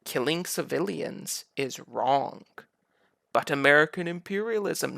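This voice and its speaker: A man's voice: mid-range voice, moderate pace, gravelly, sharp tone, no room sound, clean studio sound. A man giving sarcastic, mocking political commentary over video clips. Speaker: commentary YouTuber.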